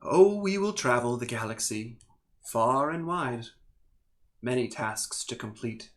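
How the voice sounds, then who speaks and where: A man voicing a calm male air elemental spirit who speaks softly and slowly. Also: mid-range voice. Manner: slow, soft, calm.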